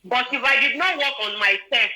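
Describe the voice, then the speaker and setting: A woman's voice: sits high, normal speed, poor audio. A woman in her twenties with a Nigerian accent, telling a personal story in a casual chat and often checking that her listeners follow. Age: 20s. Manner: animated, often checks in with "do you understand?". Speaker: guest sharing a personal story.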